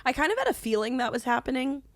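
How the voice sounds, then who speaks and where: Woman cohost, giggly and teasing, kinda high voice, dry mic. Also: sing-song, fast talker, no room sound. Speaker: podcast co-host. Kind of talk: casual comedic chat.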